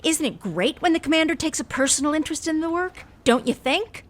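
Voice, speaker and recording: A woman's voice: high-pitched, a little fast, lightly acted. An actress playing a cold, scheming female police commander in a video game, speaking sarcastically and cuttingly. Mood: sarcastic.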